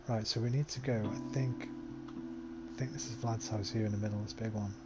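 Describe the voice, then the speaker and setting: A man's voice: on the low side, fairly even intonation, brisk, heavy background noise. A man giving casual let's-play commentary, talking to himself and swearing freely. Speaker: gaming livestreamer.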